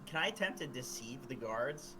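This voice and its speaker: A man's voice: mid-range voice, animated, moderate pace, bright, forceful tone, a little hiss or hum. A man playing a tabletop game who talks hesitantly and giggles between words. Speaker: player.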